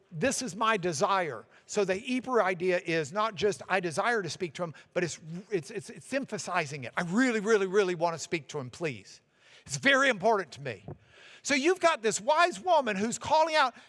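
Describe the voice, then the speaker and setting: A man teaching a church Bible class, acting out the quoted lines he reads with animated energy. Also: high voice, long reverb tail.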